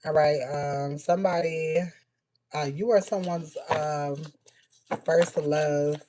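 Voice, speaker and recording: Lady doing a psychic reading, flat voice, swears a lot, typing and noise in the background. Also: low-pitched. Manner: rapid-fire blunt messages, frequent "all right" and cursing. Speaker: spiritual reader. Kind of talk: casual intuitive reading to viewers.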